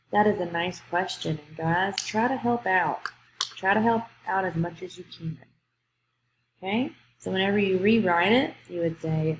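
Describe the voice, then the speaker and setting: A woman's voice: lowish voice, moderate pace, slight background noise. Woman, teacher, grammar lesson, patient step-by-step explaining, echoey room. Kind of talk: grammar lesson for young students.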